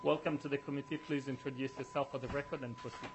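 A man chairing a legislative committee, moving motions and votes in a brisk, courteous way. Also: medium pitch, little pitch movement, poor audio.

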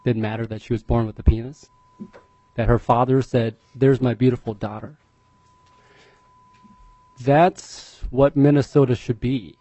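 A man's voice: mid-range voice, steady tone, dark tone, no room sound. A man giving public testimony as a parent, earnest and openly emotional, stumbling over repeated words. The sound is dry and a little dull, without sparkle. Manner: earnest, emotional, halting repetitions. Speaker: parent testifying at a legislative hearing.

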